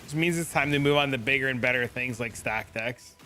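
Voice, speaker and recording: Young male streamer, bright voice, laid-back slangy chatter, soft music under. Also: medium pitch, a little fast. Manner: loose, slangy, chatty with viewers. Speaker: game streamer. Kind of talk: casual live-stream chat.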